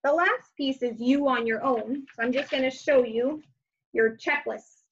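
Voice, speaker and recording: A woman teacher walking young children through homework, thinking aloud with gentle hums and fillers. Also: high voice, measured pace, dull audio, slight background noise.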